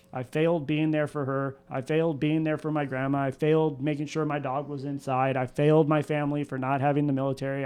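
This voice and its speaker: A man speaks with a fairly high, smooth and resonant voice. He tells his story in an earnest, confessional way and keeps circling back on the same words. It is candid podcast storytelling. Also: a little mellow. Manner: earnest, confessional, repeats phrases.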